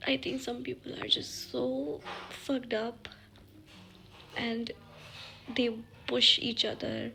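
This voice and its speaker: A young woman vlogging from her bedroom about a book, crying and speaking in a soft, emotional half-whisper. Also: fairly high pitch, level tone, slow, vocal fry. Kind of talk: tearful casual vlog. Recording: noisy home recording.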